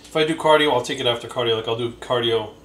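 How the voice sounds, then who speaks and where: Young male vlogger, casual and cussing, average pitch, faint background hiss. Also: fast talker. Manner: profane and excitable, talks baby talk to his dog. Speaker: bodybuilding coach and vlogger. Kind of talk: casual vlog chat.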